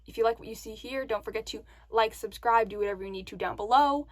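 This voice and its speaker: A woman vlogger telling a story to the camera in a chatty, animated way. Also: a little high, fast. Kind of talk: casual story time.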